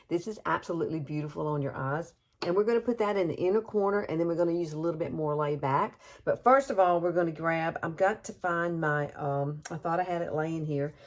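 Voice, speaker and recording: Woman, 50s, low voice, chatty, rambling, casual makeup tutorial. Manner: chatty and rambling, with homey asides. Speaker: beauty vlogger.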